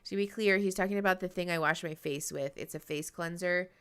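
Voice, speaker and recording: A woman therapist talks casually through a live reaction stream. She is chatty and self-deprecating and laughs often. Her voice sits a little low but has a bright, forward tone. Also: a little fast, clear, resonant tone.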